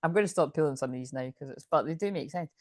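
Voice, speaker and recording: A woman's voice: low-pitched, rapid-fire, no room sound, studio quality. A woman doing a casual, chatty tarot reading, often laughing as she reads card messages aloud. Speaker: tarot reader.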